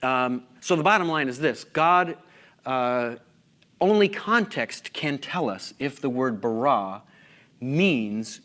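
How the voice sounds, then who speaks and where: A middle-aged man lecturing at a conference, animated and full of rhetorical questions, sometimes losing his place. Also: mid-range voice, slow. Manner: self-interrupting, loses his place. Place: lecture hall.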